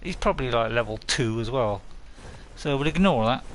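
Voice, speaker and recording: Playful man with a lively voice. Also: medium pitch, normal speed. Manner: playful, rambling, laughs often. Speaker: game streamer. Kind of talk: casual live-stream chat.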